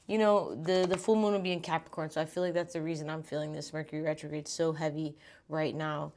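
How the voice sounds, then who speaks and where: A woman's voice: deep voice, level tone, quick pace, a little mellow, a little hiss or hum. A young woman giving a casual, chatty tarot reading, informal and a bit breathless, swearing now and then. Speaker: tarot reader.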